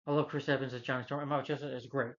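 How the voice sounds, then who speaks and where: Casual male film reviewer, mid-pitched, loose rambling delivery, dull lo-fi sound. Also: flat delivery, very fast, fairly bright tone. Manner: rambling, full of "you know" and "he's like". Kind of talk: casual movie review and plot recap.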